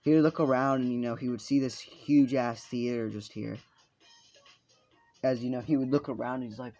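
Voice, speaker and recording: A casual storyteller spins a fan story off the cuff, rambling through likes and you-knows and swearing freely. The voice sits in a middling pitch. Faint game music plays underneath. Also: fairly even intonation, normal speed, warm tone, muffled recording. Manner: rambling, swears a lot, many fillers. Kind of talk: improvised fan-fiction narration. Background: faint video game music.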